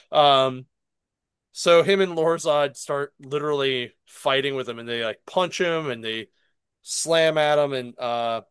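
A man's voice: mid-range voice, clear, resonant tone, no echo, studio quality. A man casually recapping and reviewing a comic book on a podcast, rambling with fillers and laughing often.

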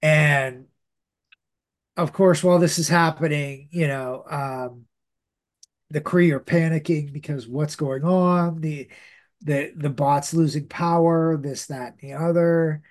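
A man's voice: on the high side, steady tone, slow. A man hosting a podcast, casually recapping a comic book story with lots of fillers and restarts. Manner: rambling, many fillers and restarts. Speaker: podcast host.

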